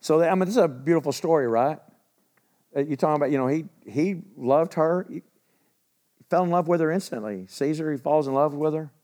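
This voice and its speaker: A man's voice: on the high side, a little fast, mellow. Man giving a casual Bible talk. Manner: conversational, with rhetorical questions and frequent throat-clearing. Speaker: Bible teacher.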